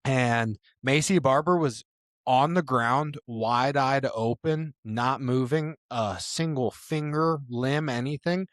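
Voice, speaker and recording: A man's voice: medium pitch, takes it slowly, no echo. Casual young male sports podcaster, dry mic. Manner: animated storytelling with swearing and laughter. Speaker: podcast co-host.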